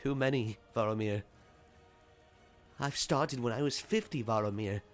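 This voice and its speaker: A man voicing a frail, cowardly old elven man with a high, strained, quavering voice, over faint music. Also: measured pace, lightly acted. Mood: pleading. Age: older.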